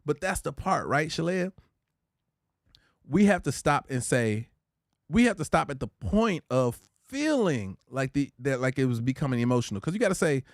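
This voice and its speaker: A man hosting a casual livestream, talking through relationship advice in an easygoing, preachy way and shouting out his chatters by name. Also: fairly high pitch, very animated, normal speed, no room sound, clean studio sound. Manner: reads out viewer comments and shouts out chatters; laid-back, conversational, preachy about relationships. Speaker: livestream host.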